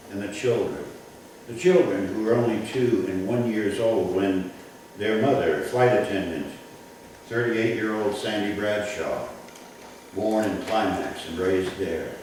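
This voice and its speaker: Male pastor, measured emphatic sermon full of rhetorical questions; cavernous reverb, distant mic. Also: low-pitched, a little mellow, slight background noise. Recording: echoey church from a distant mic.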